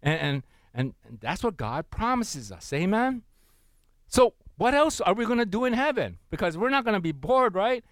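Man preacher, middle-aged, animated sermon delivery, dry close sound. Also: high-pitched, normal speed, no echo. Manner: animated, calls for congregation responses, often repeats words.

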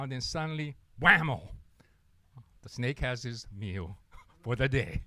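A young man preaching a sermon, telling a story in an animated way and acting out the people in it. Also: mid-range voice, unhurried, no room sound. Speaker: pastor.

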